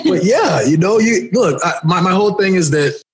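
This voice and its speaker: A man's voice: high voice, animated, moderate pace, background noise. A man co-hosting a podcast, joking and laughing in playful banter. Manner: playful, laughing, mimicking others. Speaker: podcast co-host.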